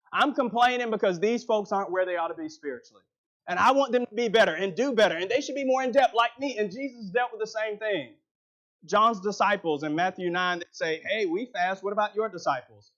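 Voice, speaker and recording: A man's voice: sits high, fairly bright tone, dull audio. A man preaching a sermon, emphatic, rising and dropping his voice for effect.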